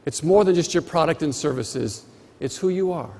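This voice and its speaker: A man's voice: a little high, expressive, moderate pace, warm tone. A man giving a motivational keynote speech with emphatic, rhythmic repetition, on a stage microphone in a large conference hall. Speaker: motivational speaker. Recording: long hall reverb.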